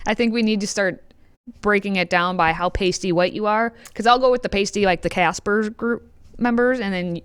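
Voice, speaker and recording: A woman co-hosting a casual opinion talk show with quick, wry comebacks. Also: medium pitch, clear, resonant tone. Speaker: co-host.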